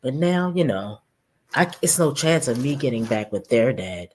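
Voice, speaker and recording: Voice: medium pitch, sing-song, normal speed, slight background noise. A reaction host giving sarcastic commentary on a vlog clip, teasing the people in it and speaking straight to viewers.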